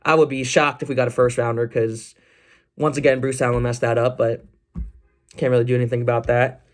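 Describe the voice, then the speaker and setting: On his own sports podcast, a young host chats casually about the news at a mid-range pitch. His talk rambles loosely, with restarted sentences and filled pauses, and now and then he jumps up with excitement.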